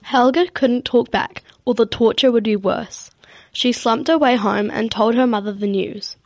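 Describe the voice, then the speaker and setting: Woman, storybook reading, steady narration, highish voice, dry close recording. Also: moderate pace, dry recording.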